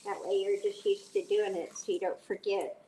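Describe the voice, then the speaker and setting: A woman's voice: medium pitch, fairly even intonation, normal speed, mellow, a little hiss or hum. A middle-aged woman with a stuffy nose, live streaming casually while cooking, chatting with viewers and telling rambling stories. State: stuffy, blowing her nose.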